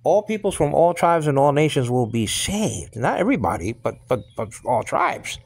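A middle-aged man talks through a casual Bible study in a rambling, conversational way, often stopping to check that his listener follows. His voice sits at a middling pitch and sounds dry and close, with no room around it. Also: very animated, normal speed, slightly rough, dry recording. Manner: rambling, repeats himself, many fillers and asides. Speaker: Bible teacher.

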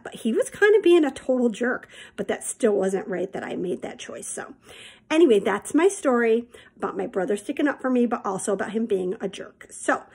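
A woman's voice: fairly high pitch, creaky, a little mellow, husky. A woman teacher telling her students a personal story in a chatty, candid way and calling them friends.

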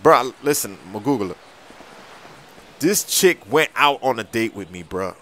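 A man's voice: medium pitch, lively intonation, measured pace, a bit bright, slight background noise, voice pushed down. A man voicing a nervous young man in a video game skit who mumbles in slang and keeps saying "bruh". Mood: pleading.

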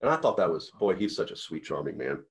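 A man's voice: deep voice, sing-song, fast talker, gravelly. A man, a company CEO, giving a motivational talk to sales reps in an earnest, rambling storytelling way with many restarts.

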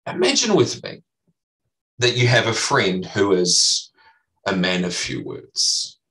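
A man's voice: lowish voice, sing-song, slow, pushed and bright, distant mic, low-quality recording. A man preaching a sermon as pastor, teaching earnestly and emphatically, repeating key phrases.

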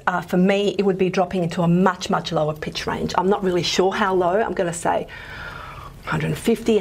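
A woman lecturer, possibly, explains a linguistics topic over a video call. Her voice is gravelly and a bit husky. She hedges and restarts often, filling pauses with "um.". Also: mid-range voice, a little mellow. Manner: hesitant, many fillers and restarts. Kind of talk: recorded lecture.

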